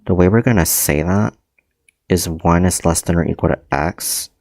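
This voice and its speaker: Man, math tutor, very low voice, dry close sound, livestream lecture, hesitant and self-correcting. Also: moderate pace, a little mellow, no echo. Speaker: math teacher.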